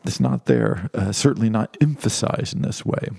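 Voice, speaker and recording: A man's voice: on the low side, very animated, moderate pace, vocal fry, warm tone, breathy edge, no echo, clean studio sound. A man giving an informal philosophy lecture, talking conversationally with many restarts and asides.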